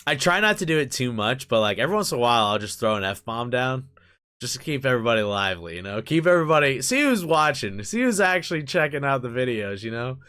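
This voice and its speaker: A man's voice: medium pitch, sing-song, fast, bright, forceful tone, clean tone. A man hosting a casual live stream, rambling along, using lots of fillers and swearing casually.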